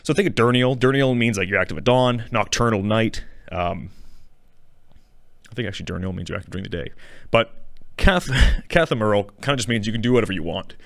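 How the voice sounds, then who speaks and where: A man with a fairly low voice hosts a relaxed educational show, wandering through his points and stopping to correct himself. He chuckles now and then. The recording is dry, with no room echo. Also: a little fast, gravelly, pauses often. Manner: rambling, self-correcting, chuckling. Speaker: show host. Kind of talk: casual educational talk on dinosaurs. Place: small studio.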